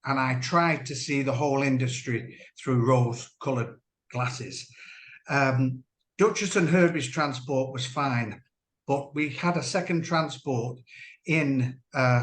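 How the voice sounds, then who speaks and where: A man, a former dolphin trainer, giving earnest personal testimony as an interview guest, measured and halting with restarts. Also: medium pitch, a bit bright. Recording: roomy echo.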